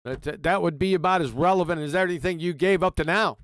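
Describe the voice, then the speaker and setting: A man's voice: fairly high pitch, fast, a bit bright, clear, resonant tone, dry recording, studio quality. A man hosting a commentary stream, mocking a clip he plays with sarcasm and swearing. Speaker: host reacting to a video.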